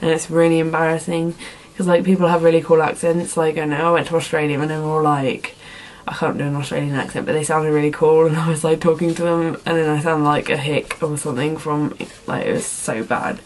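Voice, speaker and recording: A woman's voice: low voice, flat delivery, fairly quick, hardly any pauses, poor audio. A young woman answering viewer questions in a casual vlog, rambling and filling her talk with "like" and "um" in a put-on accent. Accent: put-on accent, not her own. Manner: rambling, lots of "like" and "um".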